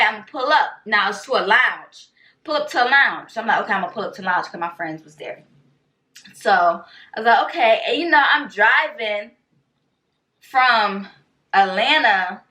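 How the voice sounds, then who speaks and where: A young woman from Rochester, New York, tells a vlog storytime with a bright, forward tone. She talks in a casual, slangy way and acts out every line of dialogue. Her voice sits at a middle pitch, a little distant from the mic. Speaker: vlogger.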